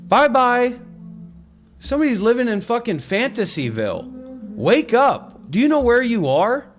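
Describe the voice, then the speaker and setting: A man's voice: very high voice, big pitch swings, unhurried, faint music behind. A man hosting a meditation livestream, taking call-in questions and answering in a blunt, profane, mocking, confrontational way. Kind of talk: live call-in Q&A.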